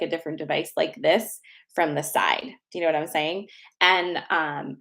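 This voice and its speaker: Chatty spiritual woman, swears casually. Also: lowish voice. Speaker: spiritual reader and host. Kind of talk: casual livestream talk.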